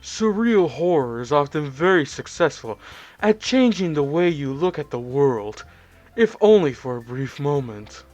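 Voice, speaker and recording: A man voicing a shy, bookish young woman while reading a visual novel aloud, keeping his delivery low and hushed. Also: big pitch swings, unhurried, dry recording, dull audio, soft background music. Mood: earnest.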